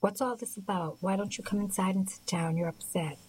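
A woman reading an audiobook, voicing a kind, motherly older woman in a brisk, concerned, slightly higher voice. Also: darkish tone, breathy edge, close to an everyday voice, poor audio.

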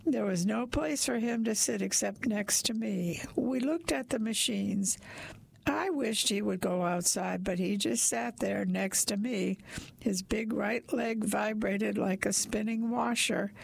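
A woman narrating a story aloud in a wry, deadpan manner. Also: mid-range voice, a little slow, vocal fry, slightly rough. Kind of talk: storytelling reading.

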